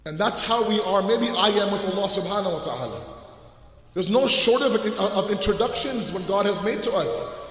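A man with a loud, booming voice gives an earnest, animated sermon with humorous asides, his mic held away from his mouth. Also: moderate pace. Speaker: religious lecturer. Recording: echoey hall with long reverb.

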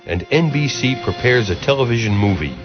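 A man narrating a documentary in a measured, ironic way, stepping through dates. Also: mid-range voice, animated, dull audio, over music.

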